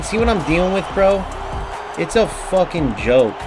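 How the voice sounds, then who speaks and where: A man's voice: high-pitched, very animated, a little slow, over music, a crowd in the background. Frustrated man trash-talking over gameplay. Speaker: streamer playing a football video game. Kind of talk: live gameplay commentary.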